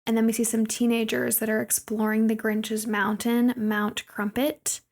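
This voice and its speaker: A woman's voice: fairly high pitch, flat delivery, normal speed. A woman co-hosting a podcast, chattily retelling a movie scene by scene. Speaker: podcast co-host. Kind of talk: casual podcast movie recap.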